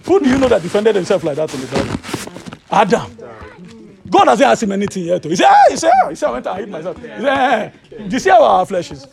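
A man with a Nigerian accent preaching a sermon, telling a personal story in an animated, rising voice. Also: high voice, very fast, gravelly, hardly any pauses. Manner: animated, rises to loud excited storytelling.

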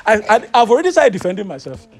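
A man with a Nigerian accent preaching a sermon, telling a personal story in an animated, rising voice. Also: high-pitched, quick pace. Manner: animated, rises to loud excited storytelling.

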